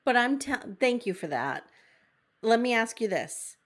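A woman's voice: fairly high pitch, big pitch swings, a little slow. A woman hosting a podcast, recapping a TV episode in a candid, jokey, chatty way. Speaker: podcast host. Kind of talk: casual recap chat.

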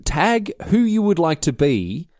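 Male co-host, playful and rambling, lively intonation, dry close sound. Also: fairly high pitch, unhurried, no room sound. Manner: animated, jokey, rambling with restarts. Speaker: podcast co-host. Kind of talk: casual podcast chat.

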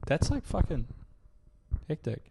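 A man's voice: fairly high pitch, huge pitch swings, a little slow, gravelly, noisy background. A man, co-hosting a casual podcast and telling a crude story, swearing and laughing as he goes. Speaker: podcast co-host.

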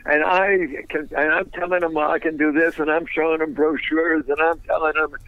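An older man, a guest on a radio interview, telling anecdotes in a lively way and laughing through his stories. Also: on the high side, fairly quick, no echo. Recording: dull, dry lo-fi sound.

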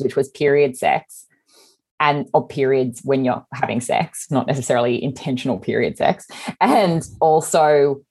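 A woman's voice: sits low, slightly rough. A woman with an Australian accent co-hosting a podcast, talking frankly and with animation, often restarting her sentences. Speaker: podcast co-host. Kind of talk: casual chat.

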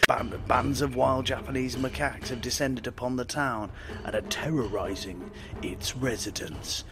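A man's voice: medium pitch, fairly even intonation, moderate pace, very noisy. A man co-hosting a casual podcast, reading odd news stories aloud, swearing, laughing often and calling his co-host "mate".

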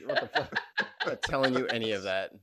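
A man's voice: mid-range voice, fairly quick, crowd noise. A man co-hosting a podcast in casual chat, joking and teasing his friends. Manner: joking, teasing, mock-paranoid. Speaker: podcast co-host.

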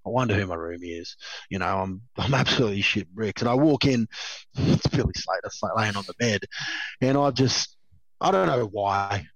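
A fairly low-voiced Australian man in his thirties, formerly a rugby league player, tells stories at a moderate pace as a guest in a casual chat. He rambles, laughs a lot, and keeps restarting amid many fillers, on a slightly dull, dry recording with no echo.

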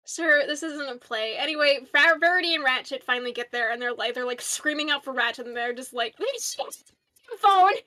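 Woman podcast co-host, high bright voice, animated casual chat. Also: quick pace, few pauses, no room sound. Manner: animated, laughing, swearing, reading aloud. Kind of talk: casual chat about comics.

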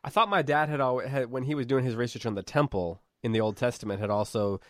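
A man co-hosting a casual book discussion, thinking aloud in a relaxed way. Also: medium pitch, fast, no room sound. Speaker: podcast co-host.

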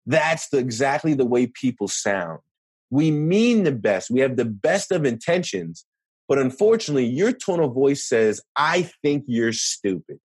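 A man of average pitch talking through ideas in a relaxed interview. He sounds earnest and explanatory, tagging his points with quick questions. The sound is dry and close, with no room around it. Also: husky, no echo. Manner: earnest, explanatory, many rhetorical "right?" tags. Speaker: podcast guest, negotiation expert. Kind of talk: casual interview talk.

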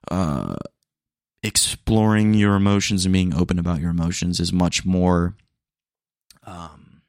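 A man's voice: sits low, gravelly, dry recording, studio quality. A young man hosting a solo podcast, talking in a candid, rambling way with casual slang and small jokes. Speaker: podcast host.

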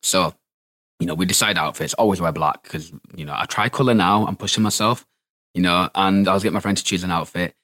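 A young man with a broad Yorkshire accent recounts how he met his partner. His low, deep voice is loud and animated, with camp flair and a ready laugh. The recording is close and dry, with no room sound. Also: brisk, dry recording. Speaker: interviewee. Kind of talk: candid storytelling.

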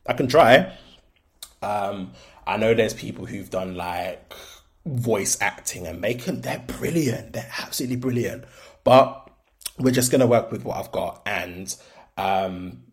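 A young man with a Birmingham accent that drifts toward London, hosting a casual solo podcast in a frank, chatty way full of ums and likes. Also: low voice. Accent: Birmingham (Brummie), shifting toward London. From Birmingham, England. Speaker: podcast host.

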